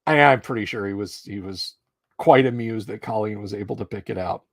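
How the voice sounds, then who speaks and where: A man's voice: on the low side, fairly quick, no room sound. A middle-aged man streaming, chatting casually and telling rambling anecdotes close to his mic. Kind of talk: casual chat.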